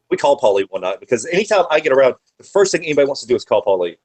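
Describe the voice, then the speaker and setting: A man in a casual podcast chat who rambles through stories with plenty of swearing. His voice sits at an ordinary middle pitch, and his telling is lively and unfiltered. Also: very fast, rough recording. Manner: profane, animated, rambling anecdotes. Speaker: podcast guest, wrestling manager.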